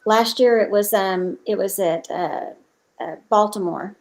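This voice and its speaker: A woman's voice: mid-range voice, measured pace. A woman hosting a casual group chat, talking in a hesitant way and trailing off into fillers. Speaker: host.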